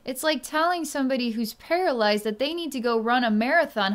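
A woman speaking as a psychic energy healer in a solo reading, talking slowly and softly with many pauses and fillers. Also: high-pitched, expressive, slight background noise. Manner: slow, hesitant speech with many pauses and fillers; soft and quiet when tuned in. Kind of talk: solo reading monologue to camera.

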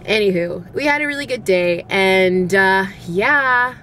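In a mid-range voice at a measured pace, a young woman vlogs with her kids, chatty and playful and laughing a lot. This vlogger mom's casual family vlog is shot on a handheld camera over loud crowd and street noise.

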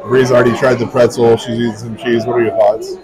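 A man's voice: mid-range voice, flat delivery, fast talker. A man hosting a casual food review vlog, chatty and easygoing, sometimes talking while eating. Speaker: vlog host. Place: busy theme park bar. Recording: noisy crowded bar. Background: loud crowd chatter.

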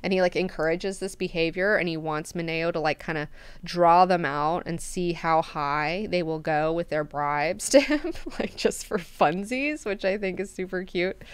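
A woman's voice: on the low side, normal speed, smooth, dry recording. A woman hosting a book club, recapping chapters in a chatty way, full of fillers and casual swearing.

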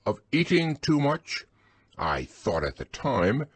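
A man voicing a fussy, bossy male rabbit in a storybook reading, with a husky voice and stern, chattering talk. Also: huge pitch swings, slow, dry recording, heavily acted. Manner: stern, chattering, raised pitch.

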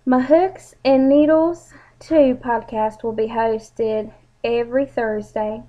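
A woman's voice: a little high, steady tone, takes it slowly. A young woman, chatting casually and a bit rambling as she introduces her channel. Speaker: vlogger. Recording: dull lo-fi home recording.

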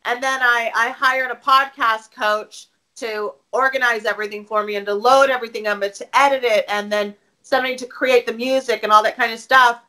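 Bright-voiced woman telling stories. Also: on the high side, brisk, few pauses, low-quality recording. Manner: open, animated storytelling with many restarts. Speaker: podcaster and interview guest. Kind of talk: casual interview conversation.

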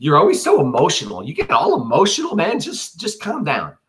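A man's voice: on the high side, huge pitch swings, fairly quick, a bit bright, voice pushed up. A man voicing a Roman general who talks in laid-back, exasperated slang.

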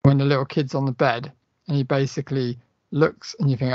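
A man's voice: medium pitch, fairly even intonation, a little fast, no echo. A man co-hosting a horror podcast, chatting enthusiastically and rambling, laughing often. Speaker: podcast co-host. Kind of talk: casual chat. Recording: dry, muffled podcast audio.

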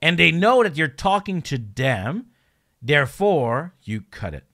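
Lively, bright-voiced male game streamer. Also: fairly high pitch, a little slow. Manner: animated, joking, laughs often. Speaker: streamer playing a language game. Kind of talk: casual gameplay commentary.

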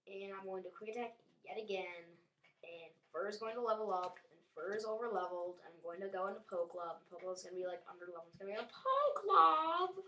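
A woman's voice: fairly low pitch, fairly even intonation, fast talker, distant mic, low-quality recording. A woman giving casual, rambling commentary as she plays a video game, full of "like" and often trailing off into a mutter. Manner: rambling, fillers of "like", trailing off into mumbles. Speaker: let's play gamer.

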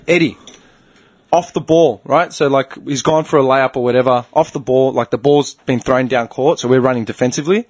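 This podcast host, a man with a medium-pitched voice, talks fairly quickly while telling a long, casual story. He stays animated, swears freely, and plays the people he describes.

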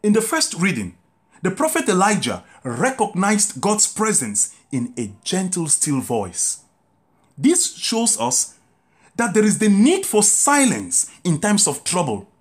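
A man, a Catholic priest preaching a meditative sermon with drawn-out, emphatic phrases. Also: high voice, wildly swooping pitch.

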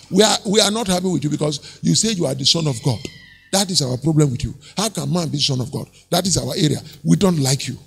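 A male pastor preaching an animated sermon, acting out quoted voices and chuckling often. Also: sits high, gravelly, husky, big-room sound.

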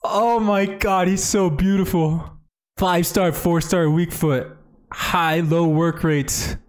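A man's voice: high voice, steady tone, takes it slowly. A man streaming a video game live, talking casually and enthusiastically to his chat from home. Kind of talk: live gameplay commentary.

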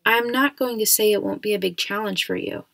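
A woman reading aloud, voicing a gentle mother coaxing her son. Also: mid-range voice, brisk, creaky, dry recording.

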